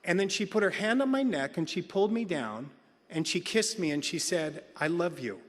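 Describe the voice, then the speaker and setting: Man, very high voice, comic recovery-meeting storyteller, reverberant hall. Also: normal speed. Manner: animated, comic, colloquial. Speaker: AA speaker. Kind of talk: storytelling talk.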